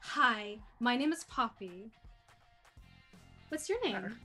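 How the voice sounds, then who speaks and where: A woman's voice: on the high side, lively intonation, takes it slowly, pushed and bright, soft background music, full character voice. A woman voicing a popular teenage girl who is sweet in a fake-friendly way, with bubbly, sugary talk.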